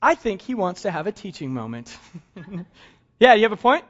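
A man's voice: sits high, big pitch swings, moderate pace, a bit bright, lo-fi sound. A man preaching a sermon in a conversational, humorous way, chuckling often. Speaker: pastor.

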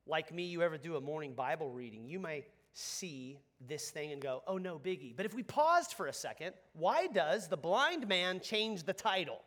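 Animated high-voiced male preacher. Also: normal speed, hardly any pauses. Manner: animated, conversational preaching with congregation call-and-response. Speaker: pastor. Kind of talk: sermon.

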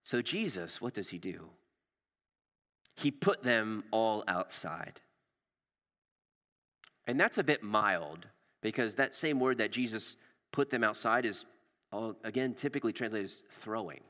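A male pastor preaching a sermon in a storytelling way, rising for drama and dropping low and soft for tender moments. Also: expressive, measured pace, long pauses, in a large hall.

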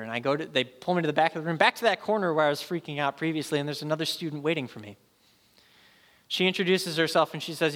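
A male pastor in his thirties preaching a sermon and telling a personal story with lively, animated delivery. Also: on the high side, fast, big-room sound. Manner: animated storyteller, acts out voices.

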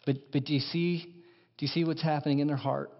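A man preaching a sermon as pastor, impassioned, dropping to hushed lines and rising to emphatic ones. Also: fairly high pitch, steady tone, brisk. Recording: dull sound in a large reverberant hall.

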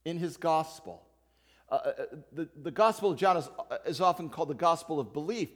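A man with a notably high voice preaches a sermon to his congregation. He keeps it conversational, teasing and calling out people in the pews. His words ring out with a long reverb in the church sanctuary. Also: fairly quick. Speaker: pastor.

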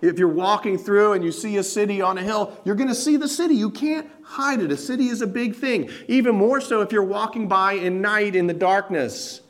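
A man's voice: sits high, fairly quick, hardly any pauses. A man preaching a sermon, emphatic and direct, asking the congregation rhetorical questions. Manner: emphatic preaching, building to loud repeated stresses. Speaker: pastor.

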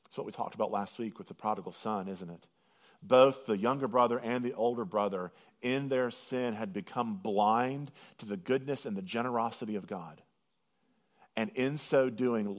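A man preaching a sermon, swinging from loud, drawn-out proclamation to hushed intensity and slowing right down on scripture lines. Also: medium pitch. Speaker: pastor.

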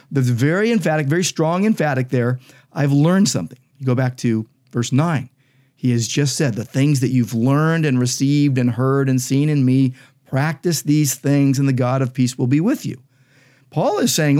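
A man's voice: mid-range voice, normal speed, darkish tone. A man, a pastor and podcast co-host, explaining Bible verses in an emphatic, conversational teaching style. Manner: emphatic, explanatory, reads scripture aloud.

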